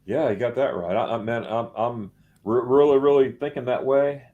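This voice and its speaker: A man's voice: medium pitch, moderate pace, narrow, tinny audio. A man hosting a casual late-night live chat, rambling and repeating words as he talks, tired after staying up all night. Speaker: host.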